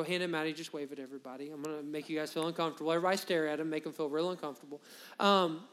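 Young pastor from Alabama, high-pitched male voice, loose storytelling sermon delivery. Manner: casual storytelling preaching, rambling asides. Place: church sanctuary with a congregation.

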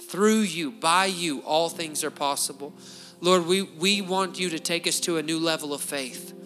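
Fervent man praying over soft music. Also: fairly high pitch. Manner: fervent, pleading, repeats phrases. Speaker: pastor. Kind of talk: spoken prayer at a church service.

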